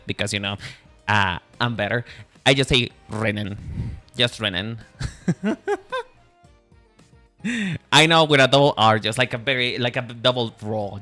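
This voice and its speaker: A man chatting live with his stream viewers in a casual, animated way, swearing freely, laughing often and talking straight to chat. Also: mid-range voice.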